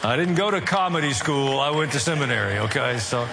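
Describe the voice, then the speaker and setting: A male pastor preaching a sermon, conversational with dry asides, building to emphatic, higher-pitched peaks. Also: expressive, fairly quick, vocal fry, few pauses, bright, forceful tone, long reverb tail, slight background noise.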